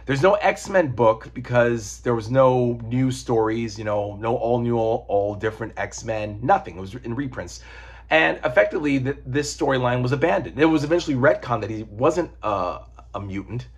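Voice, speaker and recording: A man talks through a comic collection in a loose, rambling way, with the odd swear word. His voice has a husky grain and sits at an ordinary middle pitch. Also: lively intonation, normal speed. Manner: rambling, profane, digressive. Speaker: comic book reviewer. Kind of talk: casual chat.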